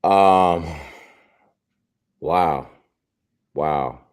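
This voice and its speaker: A man in his forties, a guest father on a video call interview, telling a personal story in an earnest, reflective way with many pauses and fillers. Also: low-pitched, darkish tone, clear, resonant tone.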